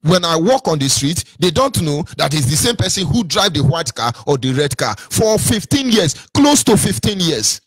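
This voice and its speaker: Husky, preaching Nigerian man. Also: fairly high pitch, sing-song, moderate pace, few pauses, no echo, studio quality. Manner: preaching, rhetorical questions, repeats for emphasis. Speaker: movement speaker on a call-in line. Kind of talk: impassioned address to listeners.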